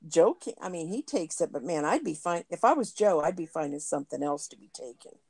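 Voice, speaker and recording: A woman's voice: sits low, sing-song, brisk, a little mellow. A woman chatting offhandedly as a guest on a live talk show. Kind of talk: casual chat.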